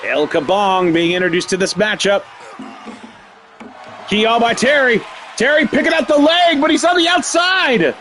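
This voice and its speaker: A man streaming live, calling a wrestling video game play by play. He yells, swears and laughs at the action. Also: extremely high pitch, normal speed, long pauses, some chatter behind, slight background noise. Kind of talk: excited live play-by-play commentary.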